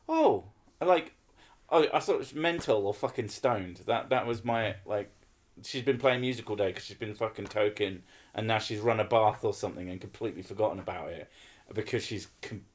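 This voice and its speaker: A man's voice: fairly low pitch, fairly quick. A man hosting a casual podcast chat, swearing a lot and ranting with sarcasm. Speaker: podcast host.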